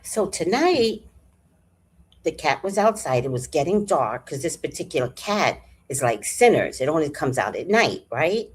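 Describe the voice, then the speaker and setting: A female vlogger with a deep voice tells a story at a moderate pace, casual, animated and profane. She sighs and clears her throat often.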